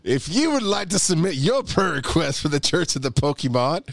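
A man's voice: on the high side, very animated, moderate pace, gravelly, a little hiss or hum. A man hosting a podcast, chatting casually and jokingly with many restarts. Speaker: podcast host. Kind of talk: casual chat.

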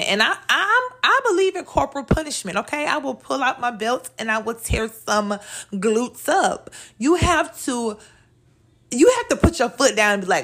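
A woman in her thirties hosting a solo podcast, talking candidly and in a chatty, animated way. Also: on the high side, measured pace. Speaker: podcast host. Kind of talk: casual solo podcast talk.

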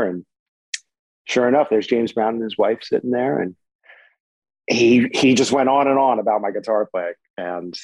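A man in his forties, a guitarist guest, telling stories in a relaxed, chatty way with many fillers. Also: fairly low pitch, no echo, lo-fi sound. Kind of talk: conversational storytelling. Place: home. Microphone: remote recording.

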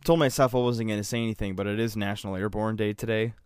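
A man's voice: on the low side, fairly even intonation, fast talker, darkish tone, smooth, no echo, clean studio sound. A man co-hosting a casual podcast, telling a crude joke in a loose, profane way and laughing often. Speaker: podcast co-host. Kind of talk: casual chat.

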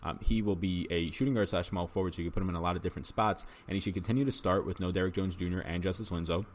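Guy hosting a fantasy sports podcast, talks super fast, lots of ums, low voice. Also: steady tone. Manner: rapid, talky analysis with frequent ums and restarts. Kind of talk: solo fantasy basketball picks breakdown.

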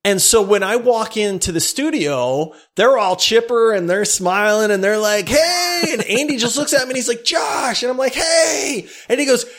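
A man from Louisiana telling a story in casual podcast chat, laughing and acting out quotes loudly. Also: high-pitched, moderate pace, few pauses. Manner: animated, laughs through his story, acts out quotes loudly.

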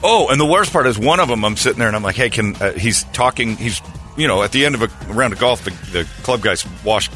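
Bright-toned middle-aged man telling stories. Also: medium pitch, fast, soft background music. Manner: animated storytelling, acting out voices. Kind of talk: casual chat.

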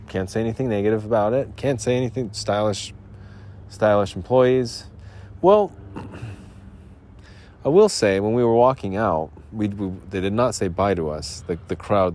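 A man hosting a solo podcast, rambling sarcastically about his day, clearing his throat and coughing now and then as he comes down with a cold. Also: lowish voice, a little mellow, a little hiss or hum. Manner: sarcastic, self-mocking, puts on quick voices for quotes. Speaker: podcast host.

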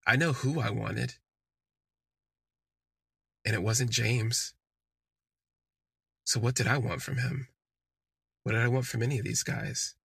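A man tells a candid story from his own life in a casual, conversational way. His voice is gravelly, bright and a little husky. The recording is dry and close to the mic. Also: medium pitch, fairly even intonation, unhurried, long pauses, dry recording. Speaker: podcast host.

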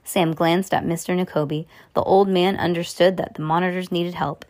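A woman reading a children's chapter book aloud, stumbling and rereading as she goes, giving the characters lively voices. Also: on the low side, normal speed. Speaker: reader.

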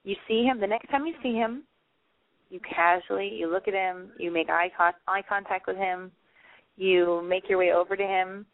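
A woman hosts a call-in dating advice podcast, blunt, playful and casually profane as she rambles. Her voice sits at an ordinary middle pitch. The sound is narrow and tinny, like a phone line. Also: moderate pace.

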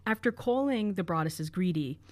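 A woman's voice: fairly low pitch, lively intonation, moderate pace, darkish tone, dry recording. A woman co-hosting a true crime podcast, carefully analyzing and reading out quoted letters. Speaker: podcast co-host.

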